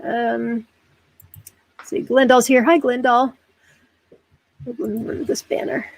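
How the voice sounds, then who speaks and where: A woman's voice: a little high, level tone, slow, vocal fry, no echo. American lady hosting a live stream, chatty and laughy, lots of ums, dead dry audio. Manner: bubbly, laughing, self-deprecating, many fillers. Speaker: host. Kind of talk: live-stream interview chat.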